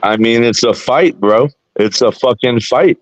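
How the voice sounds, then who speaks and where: A man's voice: mid-range voice, unhurried, rough recording. A man from South Carolina telling a bar fight story in casual, profane podcast chat. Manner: profane, animated storyteller acting out quotes. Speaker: podcast co-host.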